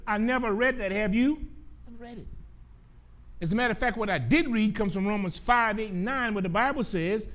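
High-voiced preacher man, rhetorical and repetitive. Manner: slows down and drops soft on key phrases. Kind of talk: sermon.

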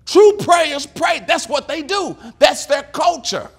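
A male preacher giving an animated sermon, leading the congregation to repeat after him and shouting at the high points. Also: takes it slowly, vocal fry. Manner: animated, call-and-response preaching, shouting at peaks.

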